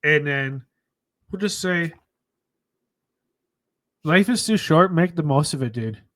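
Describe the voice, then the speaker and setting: Slow, halting man with a higher voice. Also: expressive, a bit bright. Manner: slow, halting, lots of ums, earnest. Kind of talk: casual memorial chat. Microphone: close desk mic on stream.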